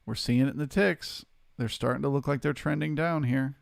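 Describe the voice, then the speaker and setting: Gravelly-voiced man giving live market commentary. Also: mid-range voice, normal speed, no echo, clean studio sound. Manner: calm, explanatory, answers chat questions. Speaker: trading stream host.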